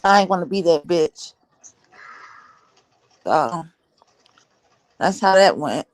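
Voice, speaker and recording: A woman's voice: lowish voice, expressive, slow, dry recording. A woman co-hosting a livestream chat, blunt and teasing, with slangy talk. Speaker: livestream co-host. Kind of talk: casual chat.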